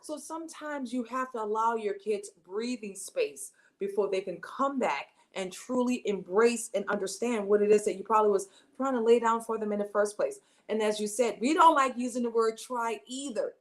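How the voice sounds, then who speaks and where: A woman hosting a talk show, affirming and encouraging, who stresses her points emphatically. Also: a little high. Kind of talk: casual talk-show chat.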